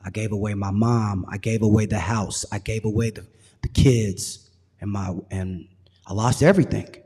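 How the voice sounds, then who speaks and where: A man sharing his recovery story on stage, earnest and measured, with passion underneath. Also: fairly low pitch, fairly even intonation, warm tone, husky. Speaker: guest speaker. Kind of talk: personal testimony. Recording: long hall reverb.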